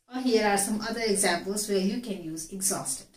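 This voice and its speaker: A woman with an Indian English accent teaches an English vocabulary lesson, repeating each key word. Her voice sits at an ordinary middle pitch. The room around her gives a clear echo. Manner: explains slowly, repeating key words. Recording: echoey room.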